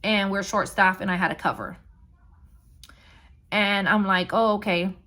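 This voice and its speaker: A woman's voice: medium pitch, unhurried, pushed and bright, a little hiss or hum. A young woman vlogger candidly retelling a painful personal story, blunt and emotional.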